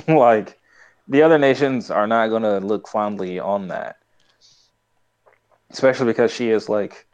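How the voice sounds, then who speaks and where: A man's voice: lowish voice, a little slow, long pauses, a little mellow, clear, resonant tone. A man co-hosting a podcast in casual chat, rambling through a show recap with lots of fillers and frequent laughs. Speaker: podcast co-host.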